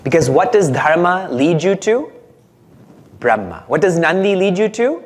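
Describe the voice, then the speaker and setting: A man delivering a spiritual discourse with a lively, swooping delivery and a slightly raised pitch. He talks conversationally, throws questions at his listeners and chuckles between points. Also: measured pace. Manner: conversational, asks the audience questions, chuckles often. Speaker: spiritual teacher.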